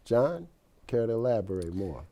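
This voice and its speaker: A man's voice: mid-range voice, sing-song, normal speed, mellow, highs cut off. A man hosting an interview show, prompting his guest with short friendly interjections. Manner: friendly interjections, frequent "right". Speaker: talk show host.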